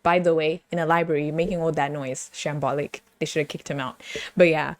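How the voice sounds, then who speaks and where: A woman's voice: deep voice, flat delivery, brisk, dry recording. A woman with a British accent hosting a podcast, chatting casually and playfully, laughing often and breaking into sing-song bits. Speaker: podcast host. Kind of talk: casual chat.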